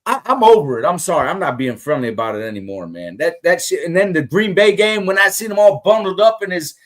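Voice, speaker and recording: A man's voice: high-pitched, very animated, fast. A man co-hosting a casual sports talk podcast, ranting heatedly and repeating himself with many restarts. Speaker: podcast co-host.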